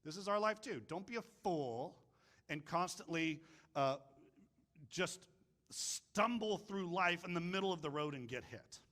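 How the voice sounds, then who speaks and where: A man's voice: high-pitched, a little slow. A man preaching a casual, joking sermon, telling stories and doing voices for the people in them. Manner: jokey, animated storytelling with voices. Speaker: pastor.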